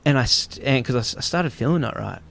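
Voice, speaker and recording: Australian guy, young, swears a lot, acts out the people, voice on an ordinary pitch. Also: quick pace, gravelly. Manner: animated, swears freely, acts out the people in his story. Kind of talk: casual storytelling on a podcast.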